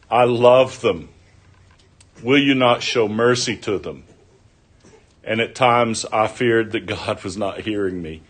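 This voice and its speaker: Slow-preaching older man. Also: medium pitch, fairly bright tone. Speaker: pastor. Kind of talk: sermon.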